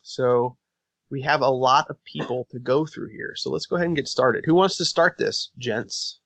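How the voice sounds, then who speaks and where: A man hosting a podcast, leading segments and telling stories in a relaxed, casual way. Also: medium pitch, moderate pace, creaky, dry recording. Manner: leads segments, relaxed storyteller. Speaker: podcast host. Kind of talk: casual chat.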